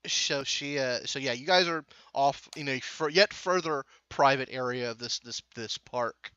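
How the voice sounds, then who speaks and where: A man narrating a tabletop game as game master, casual and halting with restarts. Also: medium pitch, bright, forceful tone, clear, resonant tone, no room sound, dull audio.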